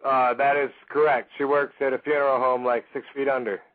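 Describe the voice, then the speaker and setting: On a loose call-in radio show, a man with a medium-pitched, fairly flat voice talks briskly, joking around and swearing freely. The audio sounds tinny, like a phone over the radio.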